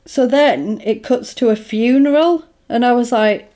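A woman's voice: a little high, a little slow, warm tone. A woman chatting casually as a co-host, retelling a film scene by scene, with lots of "like" and "basically", and acting out the characters' lines. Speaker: podcast co-host recapping a film. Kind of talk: casual chat.

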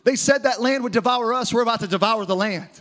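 A man preaching an energetic sermon to a church audience, often shouting for emphasis. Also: extremely high pitch, fast. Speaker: pastor. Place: church auditorium with live audience.

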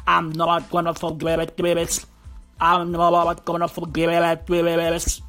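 A woman voicing a grudge-holding robot that swears revenge, in a slow, low, menacing voice. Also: completely flat delivery, fairly bright tone, soft background music. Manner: slow, deep, threatening.

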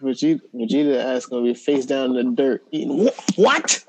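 A man's voice: medium pitch, animated, fairly quick, darkish tone, rough recording. A man co-hosting a podcast in casual chat, teasing and playful. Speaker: podcast co-host.

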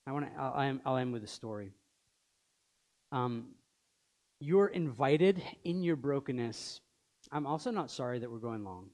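A man's voice: mid-range voice, expressive, moderate pace, pauses often, a little mellow. A man in his thirties preaching a sermon as pastor, telling stories earnestly and acting out the dialogue. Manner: earnest storytelling, acts out dialogue.

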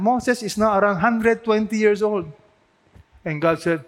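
A man preaches earnestly, asking his listeners question after question and pressing to emphatic peaks. His voice sits fairly high for a man. It carries a long reverb, as in a large hall. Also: moderate pace, pauses often. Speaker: pastor. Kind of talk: sermon.

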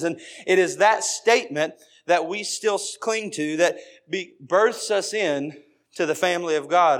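A man's voice: high-pitched, a bit bright. A man preaching an evening sermon, building points through emphatic repeated phrases. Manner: emphatic, repetitive preaching cadence.

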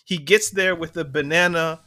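Man, bright tense voice, fairly high, animated podcast storytelling. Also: normal speed. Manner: animated storytelling, laughs between points. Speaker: podcast co-host. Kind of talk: casual chat.

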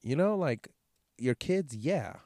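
A man's voice: a little high, big pitch swings, takes it slowly, mellow, no room sound, studio quality. A man with a stuffed-up nose from a cold, hosting his podcast in a rambling, profane, candid way. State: congested, nasal from a cold. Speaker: podcast host. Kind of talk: casual solo podcast monologue.

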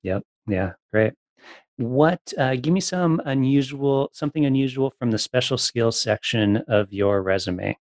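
Interview host, man, gravelly and dry, easygoing questions. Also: medium pitch, a little slow, dry recording. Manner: short agreeing replies, relaxed questions. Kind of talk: casual interview chat.

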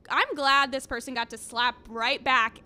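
A young woman co-hosts a casual podcast with a bright, fairly high voice. She answers bluntly, swears now and then and reacts fast to her partner's stories. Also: steady tone. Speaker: podcast co-host. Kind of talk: casual chat.

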